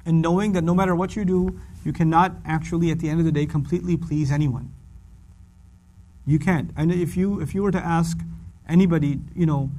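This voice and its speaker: A middle-aged man teaching a religious lesson in an animated, conversational way. His voice sits fairly high, and he repeats key phrases for emphasis. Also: fairly quick. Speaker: Quran teacher. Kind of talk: humorous religious lecture.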